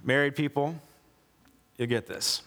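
A male pastor preaching a conversational sermon with sarcastic asides, acting out quoted lines in a lower, softer voice. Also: steady tone, unhurried, big-room sound.

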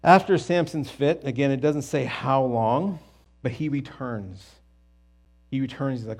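A man teaching a Bible story in a casual, animated and jokey way, with quick asides and restarts. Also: medium pitch, breathy edge.

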